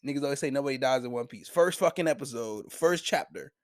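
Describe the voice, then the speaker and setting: A young man reviewing anime in a casual vlog, with a slangy, profane, animated retelling and frequent laughs. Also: medium pitch, fast, no room sound, clean studio sound. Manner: laughs often.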